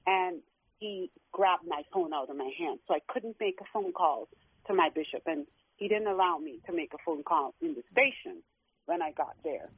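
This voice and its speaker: A woman's voice: lowish voice, animated, normal speed, husky, no echo. A middle-aged woman calling in to a talk show, telling her own story in an earnest, emotional way. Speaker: guest caller. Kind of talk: personal account on a talk show. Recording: tinny dry phone line.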